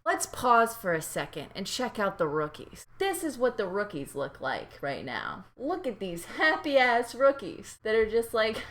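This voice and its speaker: A young woman with a bright, forceful voice recaps a reality show in a loose, rambling vlog. She swears freely and jumps between jokes and asides. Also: mid-range voice, unhurried, hardly any pauses. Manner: profane, rambling, animated. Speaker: TV recap vlogger.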